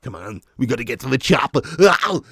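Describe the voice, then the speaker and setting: A man impersonating a gruff, muscular action-movie star barking threats. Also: medium pitch, very animated, fairly quick, fairly bright tone, dry recording, clean studio sound, voice pushed down, exaggerated voice. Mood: menacing.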